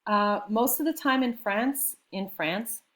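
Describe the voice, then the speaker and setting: A woman's voice: a little high, slow pace, fairly bright tone. A woman teaching a beginner French class, explaining patiently and checking in often with her students. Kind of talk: classroom lesson.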